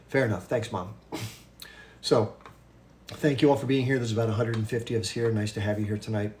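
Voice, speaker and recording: A fast-talking man in his fifties holds a casual livestream chat with his viewers, his voice sitting on the low side. He rushes through his points, breaks off into asides and restarts himself. A faint hiss of noise runs behind him. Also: fairly even intonation, darkish tone. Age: 50s. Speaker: livestream host.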